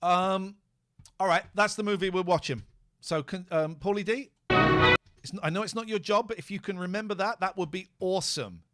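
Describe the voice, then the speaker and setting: A man's voice: sits high, normal speed, sharp tone, soft background music. A man hosting a casual podcast, chatting loosely and swearing freely while fussing over audio levels. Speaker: podcast host. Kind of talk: casual chat. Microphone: close studio mic.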